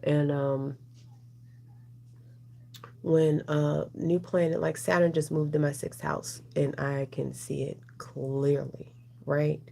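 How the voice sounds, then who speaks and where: Low gravelly woman reading cards. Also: little pitch movement, takes it slowly, long pauses, warm tone. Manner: rambling, chatty, talks to viewers and chat. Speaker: tarot reader. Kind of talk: casual card reading.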